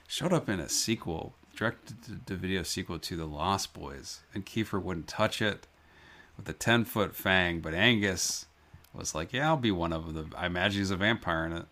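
A man with a low voice riffs loosely on a movie podcast. He rambles, jokes and laughs a lot. His tone is bright and forceful. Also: normal speed. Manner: rambling, jokey, laughs often. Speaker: podcast co-host. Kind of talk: casual movie podcast banter.

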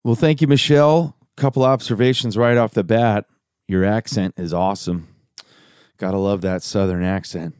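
A man's voice: lowish voice, fairly even intonation, moderate pace, darkish tone, clean tone, no room sound, studio quality. A man hosting a podcast, answering a listener's message in an earnest, upbeat and reflective way. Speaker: podcast host and songwriter. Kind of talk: casual podcast talk.

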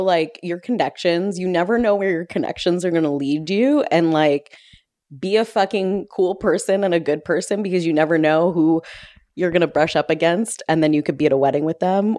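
Woman, low pitch, podcast host, chatty, animated, casual swearing. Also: moderate pace.

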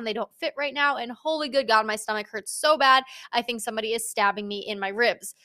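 A woman's voice: on the high side, fairly bright tone. A young adult woman hosting her own podcast, talking casually and energetically, with easy swearing and a friendly, upbeat delivery. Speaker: podcast host. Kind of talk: casual solo podcast talk.

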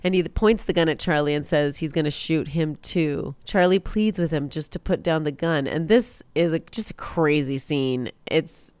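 A woman's voice: low-pitched, normal speed, few pauses, a little mellow, smooth, dry recording. A woman in casual chat, animatedly retelling a film plot and acting out the characters' lines. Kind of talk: casual movie recap chat.

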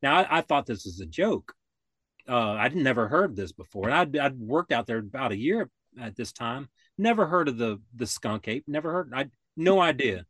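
A man's voice: mid-range voice, sing-song, moderate pace, fairly bright tone, no room sound. An older man telling a story in casual conversation, rambling and restarting often, acting out the other people in it. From Florida. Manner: rambling, restarts often, acts out quoted voices. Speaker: podcast guest.

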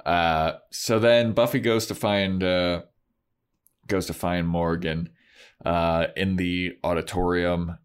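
Man, very low voice, podcast co-host, casual recap, hesitant fillers. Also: fairly even intonation, takes it slowly, clean tone. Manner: retells scenes, hesitant fillers.

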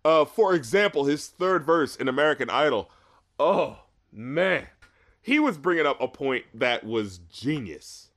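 A man in casual chat about an album, animated, swearing, and quoting lyrics at length. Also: a little high, moderate pace, hardly any pauses. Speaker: podcast co-host reviewing an album.

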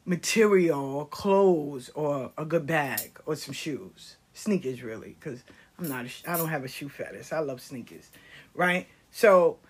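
Sitting low and husky, her voice moves at a measured pace with lively intonation. This grandmother of nine gives passionate, casual life advice as a storytelling monologue, often dropping into a whisper.

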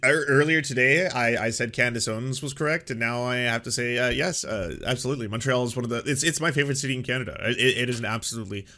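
A man's voice: mid-range voice, fast talker, few pauses, bright, forceful tone. A man hosting a casual live stream, reacting to a clip and rambling with frequent stammers. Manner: rambling, stammers and restarts often.

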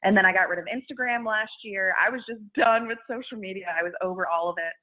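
A woman's voice: mid-range voice, fast. A young woman chatting in an interview about making videos, laughing often and restarting her thoughts. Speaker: guest, content creator. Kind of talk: casual interview chat. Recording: phone-like narrow sound.

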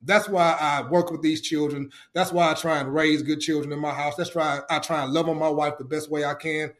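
A man with a fairly high voice tells a faith story as a podcast guest. He talks with excitement and emotion, circling back to the same phrases the way a preacher does. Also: brisk. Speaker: youth coach. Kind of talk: testimony-style storytelling.

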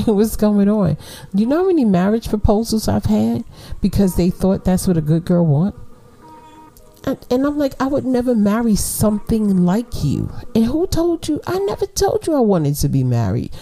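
A woman's voice: mid-range voice, sing-song, moderate pace, mellow. Slangy, laughing middle-aged woman podcaster. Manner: chatty, slangy, laughs often. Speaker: podcast host. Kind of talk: casual advice monologue.

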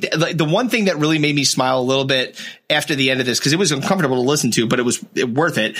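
A man in casual podcast banter, cursing freely and joking, with a bright, slightly high voice. He talks loosely with restarts and quick asides. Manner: profane, joking, animated. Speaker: podcast co-host.

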